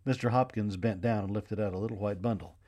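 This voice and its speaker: A man narrating a children's storybook in an expressive, gently paced reading voice. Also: lowish voice, quick pace.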